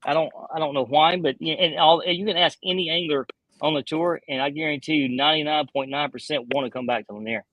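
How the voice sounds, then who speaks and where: A man who fishes bass professionally, chatting casually on a live stream and rambling with lots of fillers. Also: fast, dry recording, dull audio. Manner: rambling, heavy on "you know" fillers.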